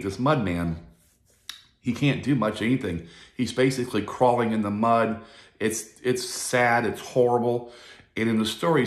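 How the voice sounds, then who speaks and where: A man's voice: mid-range voice, reverberant. A man giving a rambling, profane casual monologue as a video host.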